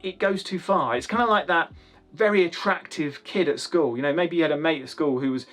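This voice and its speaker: A man's voice: on the high side, a little fast, a bit bright, faint music behind. A man from the UK giving a chatty, rambling spoken review of hi-fi speakers, with lots of restarts and fillers.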